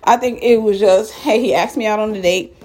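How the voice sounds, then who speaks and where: Husky-voiced woman telling a story. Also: mid-range voice, brisk, darkish tone. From Mississippi. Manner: candid, frank, addresses listeners directly; walking up stairs while talking. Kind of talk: casual personal storytelling.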